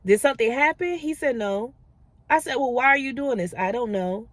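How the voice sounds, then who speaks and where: Animated mother telling a story on camera. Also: on the high side, moderate pace, dry recording. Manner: animated, rising to exasperated disbelief. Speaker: vlogger, mother. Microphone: phone camera.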